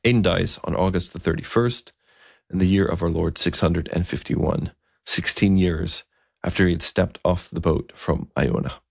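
Deep gravelly man telling a story. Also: moderate pace, dry recording, clean studio sound. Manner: relaxed, with asides and fillers. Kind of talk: conversational storytelling.

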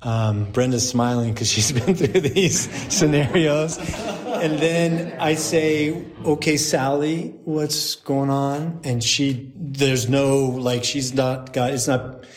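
Chatty priest telling stories with laughter. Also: male voice, mid-range voice, slow pace. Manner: chatty, laughing storyteller with many restarts. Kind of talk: storytelling talk to a group.

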